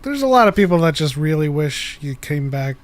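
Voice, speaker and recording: Higher-voiced man explaining in detail. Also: very animated, fairly quick, crowd noise. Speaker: podcast co-host. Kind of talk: casual fan chat.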